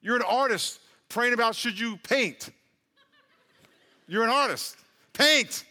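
A man's voice: very high-pitched, very animated, measured pace, sharp tone, big-room sound. A man preaching a sermon as pastor, chatty and joking, building to emphatic peaks. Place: large church hall.

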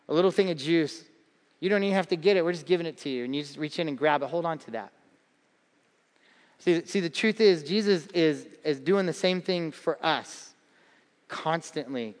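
A man's voice: high voice, long reverb tail. A male pastor preaching a conversational sermon to a congregation. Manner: conversational preaching, acts out quoted voices.

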